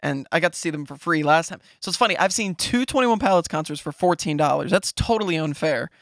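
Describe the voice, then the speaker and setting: A young man from Ohio, podcast host, telling a story in an excited, rambling way with lots of fillers. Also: a little high, no echo, studio quality. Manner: excited, fast-talking, lots of fillers and "right?". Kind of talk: casual storytelling.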